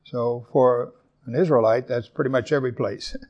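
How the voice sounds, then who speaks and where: Gravelly man preaching a sermon. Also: mid-range voice, steady tone, muffled recording. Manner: earnest, slows down to stress scripture, repeats verses. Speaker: pastor.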